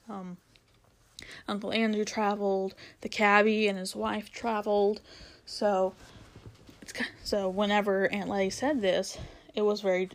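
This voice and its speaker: A woman teacher talking through literary devices from a novel, in a conversational way with frequent fillers and restarts. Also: medium pitch. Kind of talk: literature lesson explaining a novel.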